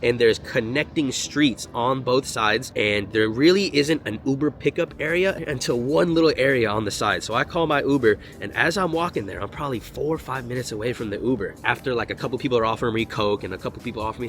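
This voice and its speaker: A young man telling a storytime vlog in an animated, slangy and profane way. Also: medium pitch, fast talker, hardly any pauses, slight background noise. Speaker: vlogger.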